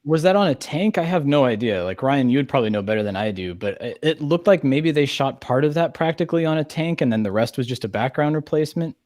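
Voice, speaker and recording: A relaxed man co-hosts a casual chat and thinks aloud as he talks. His voice is mid-pitched for a man. The sound is dry and close. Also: fast, few pauses, dry recording. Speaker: co-host.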